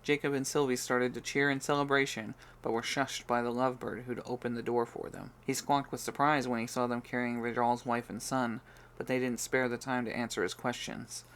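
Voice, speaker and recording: A man narrating a fantasy audiobook with even, steady storytelling. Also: medium pitch, brisk. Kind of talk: scripted narration.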